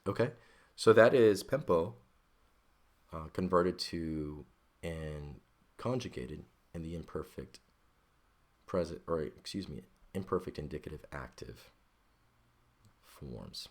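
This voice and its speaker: A man's voice: extremely low pitch, lively intonation, takes it slowly, pauses often. A man teaching a Greek grammar lesson, working patiently step by step and often checking in with "okay?".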